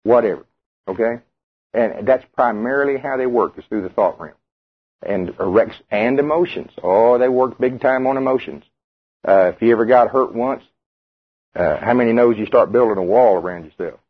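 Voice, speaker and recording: Male preacher, husky voice, conversational sermon over a thin radio line. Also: mid-range voice, moderate pace. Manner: conversational, asks the congregation questions. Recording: tinny radio broadcast.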